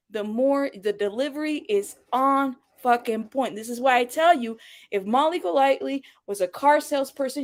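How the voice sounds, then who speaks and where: Blunt, profane woman commentator. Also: high voice. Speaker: commentary channel host. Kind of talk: casual commentary.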